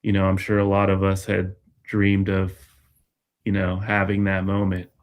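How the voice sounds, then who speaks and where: A man chatting casually on a fan livestream, halting and full of fillers and restarts. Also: deep voice, monotone. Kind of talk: casual chat.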